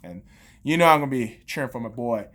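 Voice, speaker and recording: A woman's voice: rumbling low, fast talker, a bit bright. A woman podcast host, in her thirties, on a heated and profane sports rant full of sarcastic jabs.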